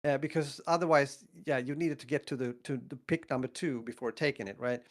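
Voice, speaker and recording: A man in his fifties from northern Sweden with a Swedish accent, telling stories in a casual podcast chat, acting out quotes and laughing often. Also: a little fast. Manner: animated, acts out quotes with big pitch jumps, laughs often. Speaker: podcast co-host.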